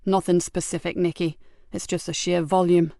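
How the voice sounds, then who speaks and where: A woman's voice: lowish voice, flat delivery, normal speed, creaky, warm tone, no room sound. A woman reading an audiobook, voicing a blunt, loyal male police superintendent with dry humor. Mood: firm. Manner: blunt, patient, dryly humorous. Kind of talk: audiobook character voice.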